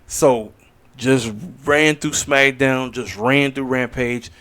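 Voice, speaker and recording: Man, mid-pitched voice, casual solo host, blunt, opinionated, rambling, tired and yawning. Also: fairly even intonation, takes it slowly, a bit bright, clear, resonant tone. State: tired, yawning late at night. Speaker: wrestling commentary channel host. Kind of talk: casual solo predictions video.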